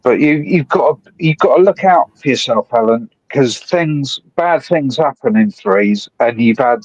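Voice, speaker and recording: A man's voice: mid-range voice, measured pace, no room sound. Guy calling into a stream, sweary and rambly, muffled dry line. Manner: swears constantly, excitable, rambling with restarts. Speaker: guest caller on a live stream. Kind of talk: rambling casual chat. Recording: dull dry call audio.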